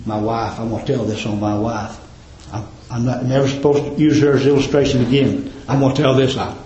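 A man preaching a sermon, fervently rising to emphatic peaks and dropping to quiet endings. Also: medium pitch, little pitch movement, fairly quick, roomy sound, a little hiss or hum, poor audio. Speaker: pastor. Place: church.

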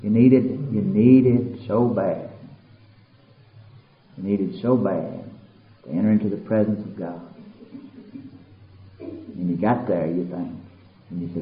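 Male preacher, sermon delivery that swings from quiet murmur to loud, high cries, in a roomy, muffled recording. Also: unhurried, pauses often. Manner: swings from hushed and low to soaring shouted peaks.

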